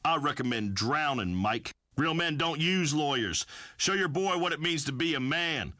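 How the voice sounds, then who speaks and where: An actor playing a brash, folksy redneck farmer who hosts a talk radio show, blustering through rambling pronouncements. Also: male voice, fairly high pitch, animated, moderate pace, pushed and bright, no room sound, clean studio sound. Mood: boastful. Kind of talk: comic talk radio acting.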